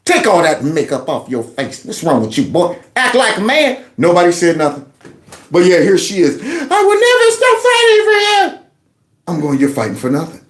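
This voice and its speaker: Male commentary host, sarcastic and lively, in an echoey room. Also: fairly high pitch, brisk. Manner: animated, mocking, mimics others in exaggerated voices. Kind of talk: political commentary reacting to clips.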